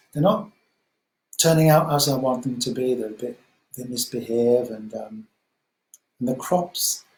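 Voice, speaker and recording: A man plays a grown king from a spoken parable, weary and rueful about his lot. He talks low and subdued, dropping his voice as he lists troubles. The sound carries a roomy echo. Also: a little mellow, close to an everyday voice.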